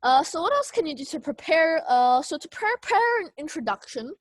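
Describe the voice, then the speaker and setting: Speaking high-pitched and very animated, a woman leads a speech class on a video call. She explains things slowly, often using fillers and starting over, and there's no room sound at all.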